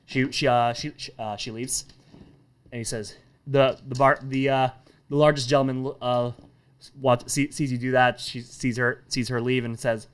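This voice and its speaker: A man narrating a tabletop game as game master, in a halting manner with many restarts. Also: medium pitch, fairly even intonation, smooth.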